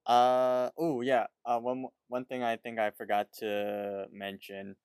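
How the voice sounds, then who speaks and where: A man's voice: mid-range voice, completely flat delivery, slow pace, darkish tone, clean tone, dry recording. A man co-hosting a podcast, chatting casually about a cartoon episode with short reactions and questions. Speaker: podcast co-host. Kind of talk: casual cartoon recap chat.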